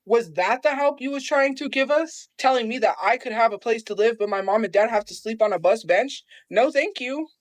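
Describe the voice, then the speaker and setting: A woman's voice: on the high side, expressive, brisk, few pauses, no room sound. A woman from New Mexico talking on a livestream, aggrieved and defensive as she recounts family matters. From Albuquerque, New Mexico. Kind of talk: livestream monologue.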